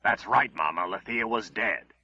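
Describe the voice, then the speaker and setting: A man's voice: lowish voice, moderate pace, sharp tone, breathy edge, highs cut off, exaggerated voice. A man voicing a scheming young man who evasively pleads innocence to his mother in an audiobook. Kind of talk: audiobook character voice.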